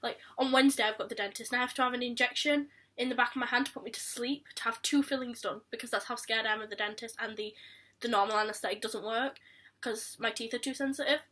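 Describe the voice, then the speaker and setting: Young Yorkshire woman vlogger, candid and rambling, fairly high voice, a bit off-mic. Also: fairly even intonation, fast, sharp tone, far from the mic. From Yorkshire, England. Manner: candid, rambling, with frequent ums. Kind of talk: casual talk to camera.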